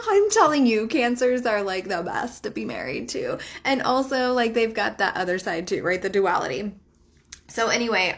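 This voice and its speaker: A woman's voice: mid-range voice, a bit bright. A woman in her thirties, a spiritual life coach talking to camera in a chatty, emphatic way, swearing casually and laughing often.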